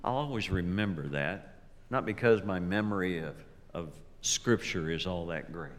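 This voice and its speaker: A male pastor preaching a sermon, slow and deliberate, swinging from loud emphasis to near whispers. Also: low voice, expressive. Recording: long reverb of a large hall.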